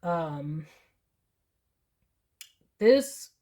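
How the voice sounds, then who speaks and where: A woman's voice: lowish voice, sing-song, very slow, dark tone. A woman giving a tarot reading in a casual, earnest and emotional way, talking straight to the viewer. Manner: emotional, earnest, chatty with laughs and asides. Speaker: tarot reader.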